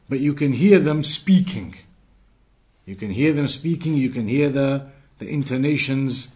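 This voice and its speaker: Man teaching a patient religious lesson. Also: mid-range voice. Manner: explains patiently, repeating phrases and rewording; recites Arabic passages quickly. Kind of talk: Islamic lesson reading and explaining.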